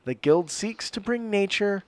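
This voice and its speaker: A man's voice: high voice, animated, a little slow, darkish tone, no room sound. A man co-hosting a podcast, chatting casually, joking and tripping over fantasy names as he reads. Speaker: podcast co-host. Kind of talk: casual chat reading setting notes.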